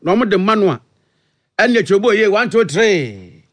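A Ghanaian man reading the news as a radio anchor in a brisk, measured delivery. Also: high voice, sing-song, no echo.

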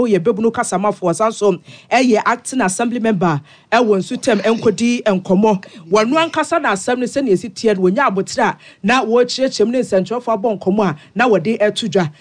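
A Ghanaian man presenting radio news and reading sponsor promos in a lively, sing-song way. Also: very high-pitched.

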